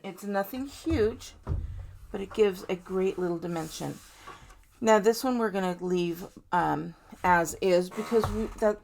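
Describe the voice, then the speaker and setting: A woman's voice: mid-range voice, vocal fry, slight background noise. A woman hosting a card-making tutorial, chatting casually to viewers as she works step by step. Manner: chatty, warm-hearted, talks to viewers directly. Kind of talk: casual step-by-step crafting demo.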